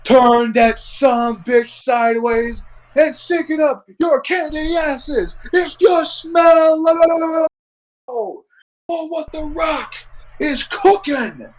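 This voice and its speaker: Man doing a booming, cocky wrestler. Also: low-quality recording. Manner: drawn-out shouted catchphrases, trash-talking. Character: boastful male pro wrestler impression, loud and cocky.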